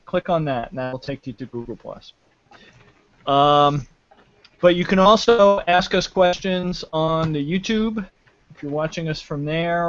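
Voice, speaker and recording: A man hosts a live panel show over a video call from his home, his voice sitting a little high. He talks casually and haltingly, stopping and restarting with many fillers. The sound is dull and lo-fi, with glitches from a shaky connection. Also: dry recording. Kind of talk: casual hosting, introducing panel and trivia. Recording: dull lo-fi glitchy internet audio.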